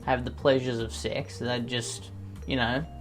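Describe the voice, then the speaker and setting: A man riffs through a comedy video in a sarcastic, self-mocking tone. His voice sits at an ordinary middle pitch, and light music plays quietly underneath. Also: little pitch movement, a little slow. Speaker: YouTuber host. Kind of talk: comedic vlog commentary.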